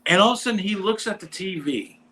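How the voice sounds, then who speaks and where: A man's voice: high voice, fast talker, a little hiss or hum, rough recording. Man telling a rambling rock story. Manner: animated, rambling anecdote with quoted voices. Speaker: podcast host; bass player in a metal band. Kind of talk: casual storytelling chat.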